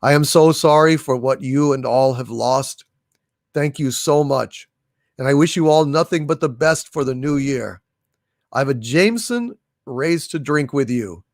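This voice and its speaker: A man hosting a livestream, slowly reading out viewers' messages and thanking them, with many fillers and restarts. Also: mid-range voice, dry recording, studio quality. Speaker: livestream host reading super chats. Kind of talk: casual livestream chat.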